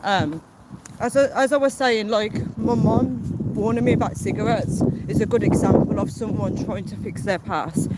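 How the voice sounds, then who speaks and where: Woman, live-streaming vlogger, mid-pitched, winded from walking, chatty and apologetic; recorded on a phone with loud street traffic behind. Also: moderate pace. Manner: chatty, easily distracted, apologetic. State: out of breath from walking. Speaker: vlogger doing a live video. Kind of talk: casual rambling live stream while walking. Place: busy city street outdoors.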